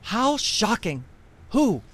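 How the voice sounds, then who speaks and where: A woman's voice: medium pitch, sing-song, slow, very noisy. An actress voicing a gossipy, smug female talk-show host in a video game, theatrical and prattling. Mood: gushing.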